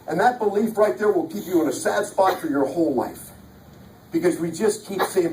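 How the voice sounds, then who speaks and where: A man with a high, warm voice talks fairly quickly as he delivers an emphatic motivational speech in a large event hall. Telling his life story, he repeats key lines, and the distant mic picks up echo plus a little hiss or hum.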